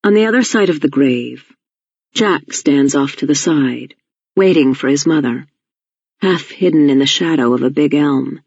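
An audiobook narrator reading a novel in a measured, even storytelling manner. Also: mid-range voice, husky, no room sound, highs cut off. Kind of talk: scripted narration.

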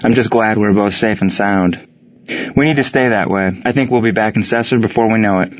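A man's voice: fairly low pitch, a little fast, muffled recording, close to an everyday voice. A man voicing Gene, an earnest young soldier and baseball catcher who raises his voice when riled. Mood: warm. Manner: shouts when riled, animated.

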